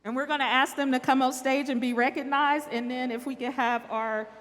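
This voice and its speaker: A high, bright woman's voice, calling out names at a school awards assembly. She reads each name slowly into a microphone, and her voice rings through a large reverberant hall with faint room noise behind it. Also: fairly even intonation. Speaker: awards announcer.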